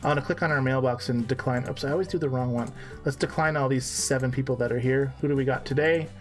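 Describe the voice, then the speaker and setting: A man's voice: medium pitch, fast, faint music behind. A man co-hosting a casual game live stream, joking and laughing at himself as he plays.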